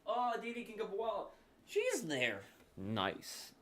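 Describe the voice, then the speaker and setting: A man's voice: high-pitched, wildly swooping pitch, slow, a bit bright. A man streaming a casual live reaction to a football game, chatting loosely and trailing off into restarts as he goes.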